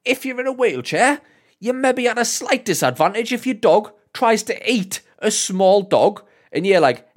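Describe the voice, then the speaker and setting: A Northern English man co-hosting a casual podcast, telling stories with plenty of swearing and laughter. His voice sits fairly high and swings widely in pitch. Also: normal speed. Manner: animated, swears a lot, laughs often. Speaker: podcast co-host. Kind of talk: casual chat, storytelling.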